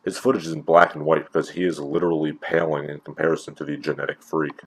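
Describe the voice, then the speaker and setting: A man's voice: rumbling low, flat delivery, fast. A man hosting a comedic review, with dry, sarcastic commentary. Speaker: video reviewer and host.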